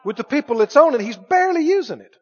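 A preacher with a strikingly high voice delivers a folksy sermon. He swings from quiet, low-key lines to loud, excited exclamations. The recording sounds dull and lo-fi. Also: fast.

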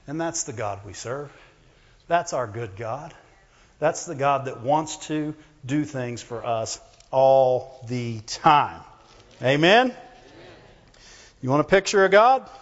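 A man preaching a sermon to his church, talking conversationally, calling for amens, and swinging between loud emphasis and quiet low asides. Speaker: pastor. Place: church hall. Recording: muffled lo-fi recording in a reverberant hall.

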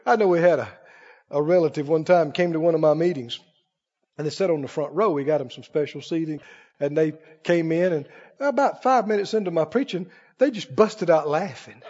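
A man preaching a sermon to a congregation, animated, laughing often and asking them questions. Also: a little high, a little fast, lo-fi sound.

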